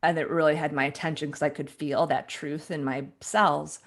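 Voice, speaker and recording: A woman in her forties, interviewed as a guest author, relates a personal anecdote with energy and laughter, voicing the thoughts she once had. Her voice is low-pitched and her speed normal.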